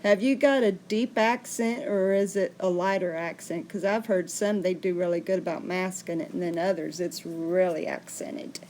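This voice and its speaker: A woman's voice: lowish voice, fairly even intonation, moderate pace, few pauses, darkish tone, slight background noise. A woman hosting a casual livestream, chatting and answering viewer comments. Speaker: livestream host.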